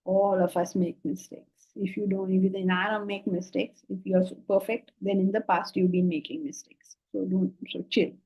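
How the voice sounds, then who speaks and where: Husky-voiced woman teaching scripture. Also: mid-range voice, moderate pace, highs cut off. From India. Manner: animated, questioning, teasing the class. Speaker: Vedanta teacher. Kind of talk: spiritual class lecture.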